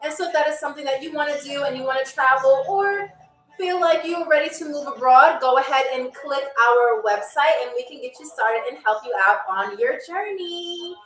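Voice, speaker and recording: A woman's voice: high voice, normal speed, a bit bright. A woman from New York hosting a live trivia game show, chatty and playful, talking straight to her viewers. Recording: echoey room, distant mic, faint music.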